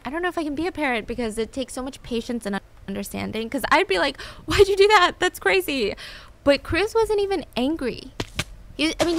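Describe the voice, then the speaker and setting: A woman's voice: high-pitched, noisy background. A young woman telling a true story in a chatty, casual way, acting out the quotes in the same voice. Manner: chatty, animated, acts out quotes. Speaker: storytelling video host.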